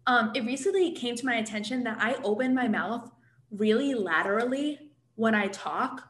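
A woman co-hosting a podcast, chatting in a self-deprecating way. Her voice sits a bit high, and the room gives it a noticeable echo. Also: moderate pace. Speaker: podcast co-host. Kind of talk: casual podcast chat.

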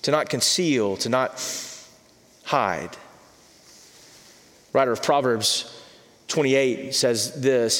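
A man preaching a sermon as pastor, earnest, repeating words and dropping softly for emphasis. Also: mid-range voice, slow pace, pauses often. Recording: long reverb of a large hall.

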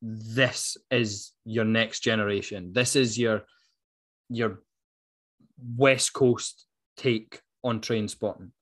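A man's voice: fairly low pitch, steady tone, takes it slowly, fairly bright tone. A man with a Dundee Scottish accent, co-hosting a podcast in casual chat, earnest and passionate, with frequent ums. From Dundee, Scotland. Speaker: podcast co-host.

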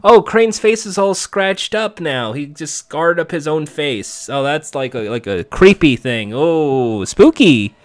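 A man talks through a TV episode in a casual, offhand play-by-play, sarcastic and quick to swear. His voice sits a little high and sounds smooth, and he takes his time. The recording is dry and close. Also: expressive, dry recording. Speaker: TV episode recapper. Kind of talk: casual play-by-play recap commentary.

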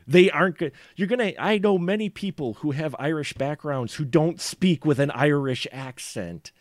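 A man's voice: fairly high pitch, normal speed, no echo, studio quality. A man from the upper Midwest co-hosting a podcast, rambling and laughing as he talks about films. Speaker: podcast co-host. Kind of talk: casual film discussion.

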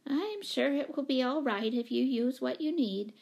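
A woman reading aloud does a fussy lady in a storybook, high-pitched and fluttery. She rambles and hedges as she explains herself. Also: normal speed, creaky, darkish tone, dull audio.

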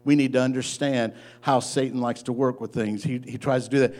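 A man preaching a sermon as pastor, moving from soft, low asides to loud, rising exhortation. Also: steady tone, brisk.

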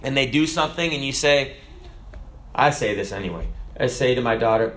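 A man preaching a sermon in an animated way, often changing his pitch and loudness and putting on voices. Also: a little fast. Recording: roomy echo.

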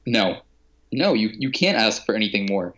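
A man's voice: on the low side, very animated, moderate pace, fairly bright tone. A young man co-hosting a casual chat, talking eagerly about movies. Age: young adult. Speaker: podcast co-host.

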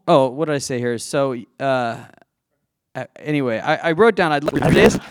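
A man's voice: a little high, dry recording. A man telling a self-deprecating personal story to a live audience, chatty, laughing at himself and restarting his sentences. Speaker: speaker addressing a live audience.

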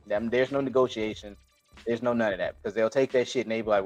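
A man's voice: lowish voice, quick pace, highs cut off, soft background music. A man co-hosting a casual podcast discussion, talking bluntly and profanely, with frequent restarts. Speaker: podcast co-host.

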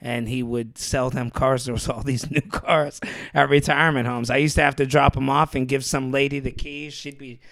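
A man's voice: mid-range voice, steady tone, moderate pace, few pauses, a bit bright, no room sound. A man in casual chat, telling stories and slipping into the voices of the people in them. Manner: storytelling, slipping into quoted voices.

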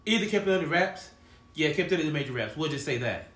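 A man in his forties talks loosely as a podcast host, rambling through stories and breaking into laughs. His voice is bright and forceful. The room around him rings with echo. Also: fairly high pitch, lively intonation, quick pace. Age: 40s. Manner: rambling, laughs often while storytelling. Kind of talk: casual chat. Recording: echoey room.

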